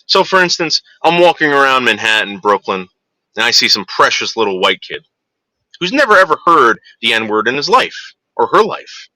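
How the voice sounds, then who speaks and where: A man's voice: medium pitch, big pitch swings, moderate pace, sharp tone, no room sound. A man ranting heatedly to his viewers in a monologue, with profanity and frequent restarts. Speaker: vlogger.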